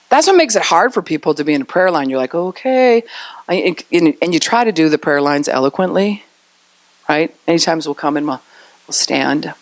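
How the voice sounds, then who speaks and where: Preaching a sermon in a conversational, chatty style, a woman pastor voices the people she talks about in little performed bits. Her voice leans low and swoops with lots of animation, captured dry and close with no room sound at all.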